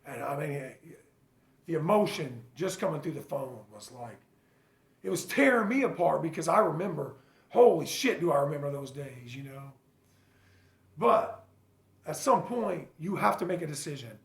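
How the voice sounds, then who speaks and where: A father tells his recovery story to the camera in a casual personal vlog, blunt, earnest and animated, cursing without hesitation. His slightly high voice has a gravelly edge, and his speech is halting, full of fillers, pauses and restarts. The audio echoes around a bare room.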